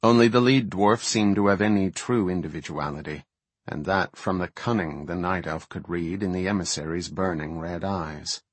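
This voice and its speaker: A man reads a fantasy novel aloud in a steady storytelling voice. His tone is low and slightly husky. The recording is close and dry, with no room sound. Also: normal speed, dry recording. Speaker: audiobook narrator.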